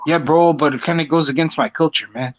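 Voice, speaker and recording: A man in his twenties calling into a live stream, loud and swaggering, saying "bro" at every turn. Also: fairly high pitch, quick pace. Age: 20s. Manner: slangy, says "bro" constantly, loud and swaggering. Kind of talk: casual boisterous chat. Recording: dull lo-fi call audio.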